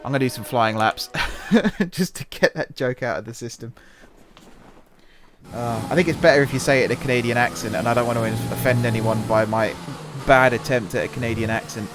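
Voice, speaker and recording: A man's voice: mid-range voice, a little fast. A man hosting a gaming channel, chatting and joking to himself while commentating a racing game. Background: game music and engines.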